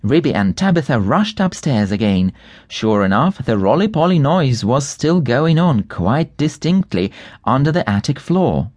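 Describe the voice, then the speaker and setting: A man narrating a children's storybook audiobook in a lively, expressive reading. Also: medium pitch, unhurried, dry recording.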